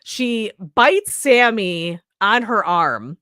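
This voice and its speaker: A young adult woman co-hosting a casual horror movie review, animated and profane, acting out the characters' lines. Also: medium pitch, very slow, dry recording, studio quality. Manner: animated, swears often, acts out characters' lines. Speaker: podcast co-host.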